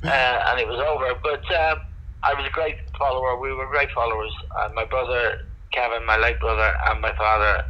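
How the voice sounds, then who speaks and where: An older man with a Dublin accent, a guest talking over a call in a measured way, pausing often on fillers. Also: medium pitch, flat delivery. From Ireland. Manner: measured, hesitant with many fillers. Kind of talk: casual interview over a call. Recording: dull lo-fi call audio.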